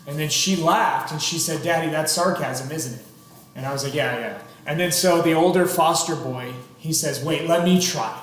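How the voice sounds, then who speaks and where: A man's voice: fairly high pitch, normal speed, a bit bright. Sarcastic man lecturing in echoey classroom. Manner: dry sarcastic humor, chatty asides to students. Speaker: chemistry teacher. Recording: very echoey classroom, faint room noise.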